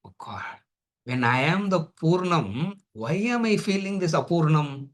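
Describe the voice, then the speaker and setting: A man's voice: on the high side, animated. A man giving a spiritual lecture, asking rhetorical questions, laughing often and drawing out chanted words. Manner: drawn-out chanting of Sanskrit words. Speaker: Vedanta teacher.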